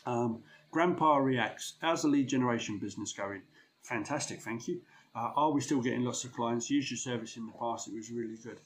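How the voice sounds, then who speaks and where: Window cleaning guy rambling advice, blunt and slangy, normal middle pitch. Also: fairly even intonation, moderate pace, slight background noise. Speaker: window cleaning business owner. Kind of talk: casual advice vlog.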